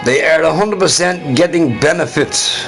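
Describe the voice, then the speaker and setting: Male streamer, fairly high-pitched, heated and repetitive, addresses viewers directly, faint music behind. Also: normal speed. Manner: emphatic, repeats his points; talks to chat viewers directly. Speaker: livestream host. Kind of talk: casual livestream rant.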